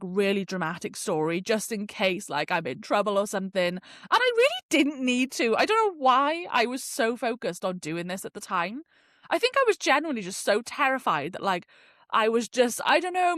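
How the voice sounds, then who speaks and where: A young British woman hosting a podcast, telling a story in a chatty, animated way with lots of fillers and swearing. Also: mid-range voice, no room sound, clean studio sound. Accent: British English. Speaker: podcast host. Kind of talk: casual storytelling.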